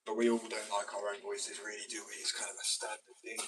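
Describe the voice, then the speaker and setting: Deep-voiced man rambling off-mic. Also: fast talker, a little hiss or hum. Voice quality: naturally deep voice, mumbly when relaxed. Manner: rambling, swears casually, loops back on his point. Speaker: fingerboard streamer. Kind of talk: casual live-stream chat. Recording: built-in mic, a little distant.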